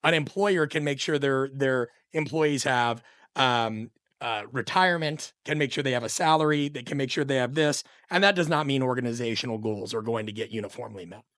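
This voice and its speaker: A man's voice: medium pitch, a little fast, a bit bright, no echo, clean studio sound. A middle-aged man speaking as a podcast guest, an opinionated coach talking in a passionate, emphatic, ranting way. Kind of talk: podcast conversation.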